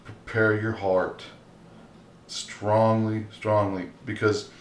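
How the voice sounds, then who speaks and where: A man's voice: on the low side, little pitch movement, takes it slowly. A man preaching informally and earnestly, often checking in with his listeners by asking "okay?". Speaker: lay preacher. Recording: echoey room with faint hiss.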